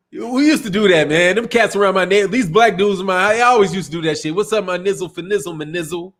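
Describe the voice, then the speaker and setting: A man's voice: high-pitched, normal speed, fairly bright tone. A middle-aged man from Chicago hosting a boxing live stream in a loose, slangy, casual chat, laughing often. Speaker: boxing channel host.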